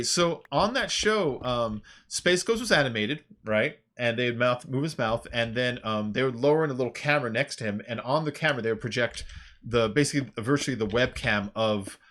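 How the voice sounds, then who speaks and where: A male streamer chatting loosely while he plays, his voice at an ordinary middle pitch. He rambles along with plenty of fillers, drifting tangents and bursts of laughter. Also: fairly bright tone, a little hiss or hum. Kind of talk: casual chat while playing a game.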